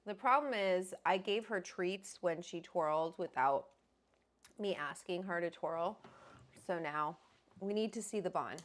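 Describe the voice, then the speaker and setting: A woman's voice: lowish voice, a little slow. A woman hosting a casual livestream, chatty and rambling as she greets viewers by name. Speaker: host.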